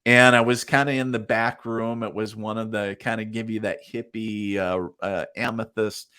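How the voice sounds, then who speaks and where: His voice is lowish and smooth, moving at a normal speed. The man is a psychic medium in an interview, an animated teller of casual stories who acts out people's words and laughs frequently.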